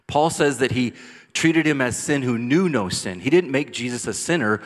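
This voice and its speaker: A man preaching a sermon as pastor, rising to intense cries and dropping to soft, quiet lines. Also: mid-range voice, expressive, normal speed. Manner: passionate preaching, builds to loud cries then drops soft. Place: church sanctuary. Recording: long church hall reverb.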